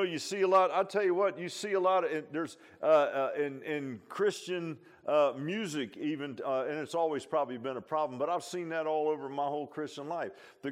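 A male pastor delivering a sermon with a fairly high-pitched voice. He talks in a homespun, conversational manner, and he keeps circling back with emphatic asides and repeated phrases. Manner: repeats himself and restarts often.

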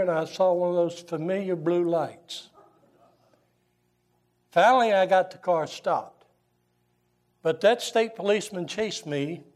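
Older preacher with a higher voice. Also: male voice. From Southern US. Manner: folksy, animated storyteller. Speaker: pastor. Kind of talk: sermon with storytelling.

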